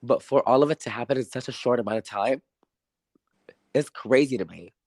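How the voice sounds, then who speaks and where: A man's voice: medium pitch, a little fast, a little mellow, no echo, clean studio sound. A man co-hosting a podcast, ranting in a frustrated, rambling way and repeating that he doesn't know. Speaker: podcast co-host. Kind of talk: casual movie review chat.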